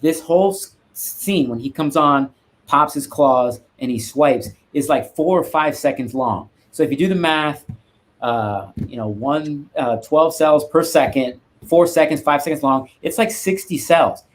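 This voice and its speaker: A man's voice: a little high, a little slow. Rambling man chatting about his collection. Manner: rambling, many restarts and asides. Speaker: guest art collector. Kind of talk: casual live-stream chat.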